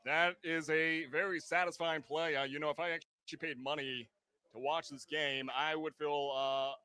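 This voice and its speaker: A man hosting a live high school football stream, giving measured color commentary with many fillers. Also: fairly even intonation, sharp tone, clear, resonant tone. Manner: measured, filler-heavy analysis.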